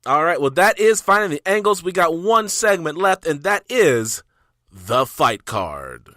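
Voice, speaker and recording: A man's voice: sits high, lively intonation, normal speed, a bit bright, no echo, clean studio sound. A man co-hosting a combat sports podcast in casual chat, arguing his point playfully and acting out mock quotes. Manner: playful, argues with mock-dramatic quoted voices. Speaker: podcast co-host.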